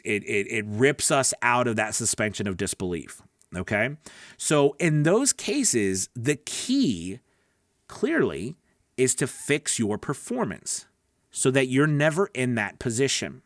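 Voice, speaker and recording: Guy coaching voice actors, chatty and earnest, keeps saying right?, dry close sound, middle pitch. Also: no room sound. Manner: earnest, chatty, says "right?" often, restarts. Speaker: voice-over coach. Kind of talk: casual teaching monologue.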